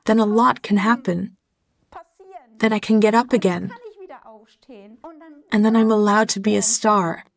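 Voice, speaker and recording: A middle-aged German woman, a guest in an interview, speaks slowly and heartfelt in short, reflective phrases. Her mid-range voice has fairly even intonation and some vocal fry.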